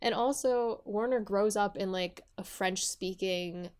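A woman's voice: medium pitch, measured pace, darkish tone, clean tone. Chatty young woman, lots of fillers. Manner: chatty, many fillers and restarts. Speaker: podcast co-host. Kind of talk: casual chat about a book and its series.

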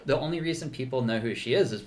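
A man's voice: medium pitch, fast, slight background noise. A man co-hosting a podcast, chatting casually through a show recap, laughing often and restarting his sentences with lots of fillers. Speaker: podcast co-host.

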